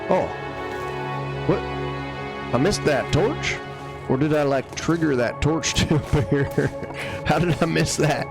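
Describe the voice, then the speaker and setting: A man talking through a survival game on a live stream in a mid-pitched, everyday voice, wry and quick to joke. Game music runs clearly underneath him. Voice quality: wry, joking. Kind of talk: casual gameplay commentary.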